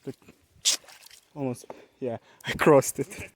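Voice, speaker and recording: Slow-talking Eastern European man outdoors. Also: medium pitch, fairly even intonation, noisy background. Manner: rambling, playful exclamations and nervous yelps. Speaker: vlogger. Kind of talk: casual outdoor vlog narration. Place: outdoors in woods near a pond. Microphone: handheld camera he is filming with.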